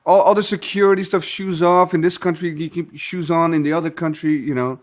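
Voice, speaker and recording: A man's voice: on the high side, steady tone, brisk. A man in casual podcast chat, telling stories animatedly and swearing freely.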